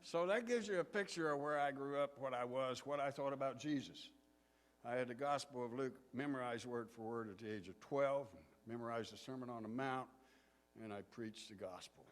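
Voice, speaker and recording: A man from southern Indiana, a pastor telling stories in a sermon in a folksy, unhurried way. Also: mid-range voice. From southern Indiana, USA. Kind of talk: sermon storytelling. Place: church sanctuary. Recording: long hall reverb.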